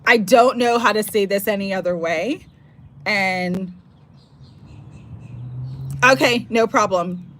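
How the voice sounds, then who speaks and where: A woman's voice: mid-range voice, slow pace, pauses often, a bit bright. A woman giving a live-streamed tarot reading, effusive and emotional, at times close to tears. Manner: emotional, effusive, gets teary. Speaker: tarot reader.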